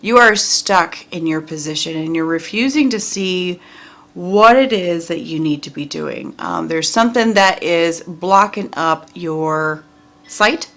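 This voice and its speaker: A woman's voice: on the low side, measured pace, a bit bright. A woman reading tarot cards for viewers in a casual, chatty way, talking straight to them and laughing often. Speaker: tarot reader.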